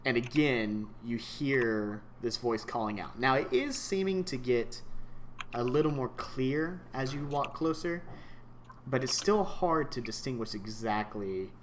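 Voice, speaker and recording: A man narrating a tabletop game as game master, in a laid-back, halting way with lots of ums. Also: mid-range voice, slight background noise.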